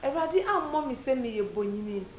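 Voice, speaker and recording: A desperate praying wife. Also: female voice, sits high, animated, normal speed. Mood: pleading. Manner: repeats prayers after the pastor. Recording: echoey room with loud noise.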